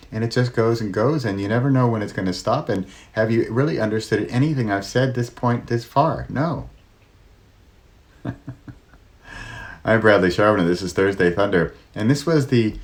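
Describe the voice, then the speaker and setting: A middle-aged man hosting his own solo talk, shifting his pace and loudness and dropping to near whispers to show how pauses work. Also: fairly low pitch. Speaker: host.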